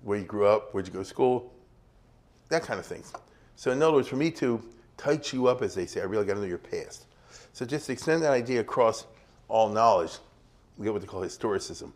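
A man's voice: fairly low pitch, animated, fairly quick, a little mellow. A middle-aged man giving a casual history lecture, keeps checking in with his students and acting out small examples. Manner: conversational, checks in with "you see?" and "you get it?".

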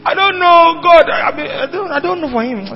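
A man's voice: extremely high pitch, a little fast, soft background music, voice pushed up. A man voicing a hesitant, doubting churchgoer who stumbles over his words, in a dull, echoing hall recording. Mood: doubtful. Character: doubting, wavering churchgoer man, unsure of God.

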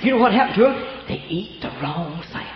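A man's voice: high-pitched, animated, fairly quick, background noise. An older man preaching a folksy storytelling sermon, from Oklahoma, with homespun rural grammar. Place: church. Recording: echoey church room, dull lo-fi sound.

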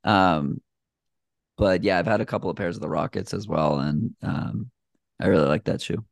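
A man speaks as a guest on a podcast, easygoing and rambling, with lots of pauses and fillers. His voice sits low with a gravelly, fry-tinged edge. The sound is dry and close, with no room around it. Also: dry recording. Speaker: podcast guest, shoe reviewer. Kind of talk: casual conversation.

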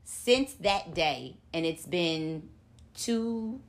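A woman in her thirties telling a personal faith story in casual chat, animated and full of church talk. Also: on the low side, drawn-out words.

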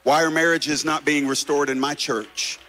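Impassioned male revival preacher, bright voice. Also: a little high, fairly even intonation, moderate pace, faint music behind. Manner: impassioned, swinging between shouting and hushed. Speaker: pastor. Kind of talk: revival sermon.

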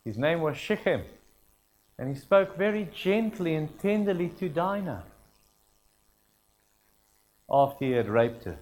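Male preacher, earnest and emphatic, voice on the higher side. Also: big pitch swings, a little slow, long pauses, a little mellow. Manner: earnest, emphatic, repeats key phrases. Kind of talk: sermon.

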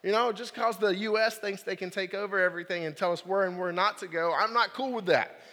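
A man's voice: high-pitched, brisk, bright, forceful tone. A young man, a youth pastor, telling a personal story in a casual, joking sermon, full of "like" and "right?". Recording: large hall with long reverb.

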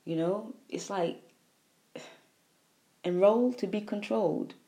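A woman giving a spiritual monologue, repeating phrases in a preachy way, sighing and swinging between soft and loud. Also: mid-range voice, slow. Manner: repetitive, preachy, with sighs and emphatic swings in loudness. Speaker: spiritual speaker.

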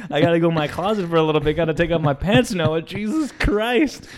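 A man co-hosting a comedy podcast, talking in animated, profane rants and joking around. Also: fairly high pitch, brisk, slight background noise. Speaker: podcast co-host. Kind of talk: casual comedy chat.

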